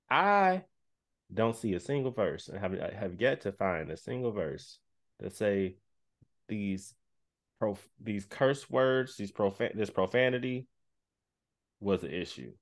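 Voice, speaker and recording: Animated man in casual podcast chat. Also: slow pace, long pauses. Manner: animated, acts out quotes in a high voice.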